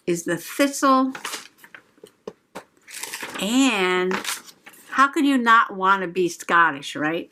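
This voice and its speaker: A woman's voice: mid-range voice, pushed and bright, a little hiss or hum. A middle-aged woman from the United States hosting a journaling video, chatting casually and giggling as she crafts. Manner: chatty, giggly, slow and rambling. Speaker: journaling channel host.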